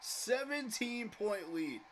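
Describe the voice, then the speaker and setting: A man giving live reactions to a football game, excitable, talking to the teams on screen and laughing often. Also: sits high, takes it slowly. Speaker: sports reaction streamer.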